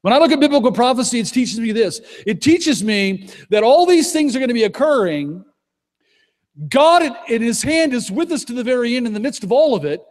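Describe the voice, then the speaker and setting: A man preaching with a notably high voice for a man, the sound ringing with long reverb from a large hall. He drives his points hard, jumping from loud declarations down to low, intense asides. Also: big pitch swings, fairly quick. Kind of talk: conference sermon. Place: conference hall.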